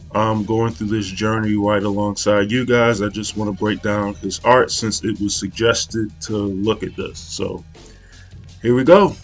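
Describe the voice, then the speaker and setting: A young man casually talking through an art study, rambling and hesitant, with many fillers and restarts. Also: lowish voice. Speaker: art channel host.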